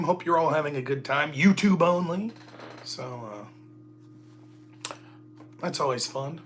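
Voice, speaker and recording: A man's voice: a little high, sharp tone. A middle-aged man hosting a casual solo livestream, rambling and joking at his own expense. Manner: joking, rambling, self-mocking. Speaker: livestream host.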